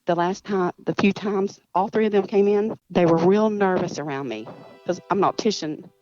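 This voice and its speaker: A woman's voice: mid-range voice, moderate pace, darkish tone, no echo, highs cut off, faint music behind. A woman telling a story in a casual interview, rambling with restarts and acting out the dialogue she recalls. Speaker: guest, cousin of the missing woman.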